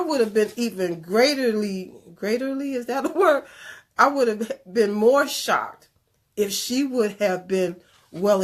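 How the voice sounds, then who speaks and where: A woman telling a personal story in a conversational talk, animated and earnest, drifting into preachy asides. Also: medium pitch. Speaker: speaker sharing a personal story. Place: Chicago area.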